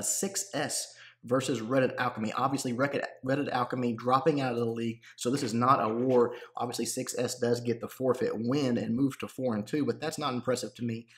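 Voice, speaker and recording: A man giving casual solo commentary on clan war results as a gaming YouTuber, relaxed and full of fillers and restarts. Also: medium pitch.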